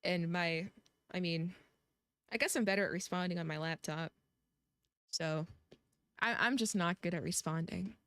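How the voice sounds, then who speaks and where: A woman's voice: on the low side, normal speed, pauses often, a bit bright, clean tone, no echo. A woman streaming a game, chatting casually in a rambling way with many restarts. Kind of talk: casual gameplay commentary.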